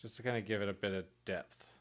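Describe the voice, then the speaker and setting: A man's voice: fairly low pitch, steady tone, fast talker, a bit bright. A man casually narrating his work on a live stream, thinking aloud and chuckling at his own mistakes. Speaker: streamer making pixel art for a game.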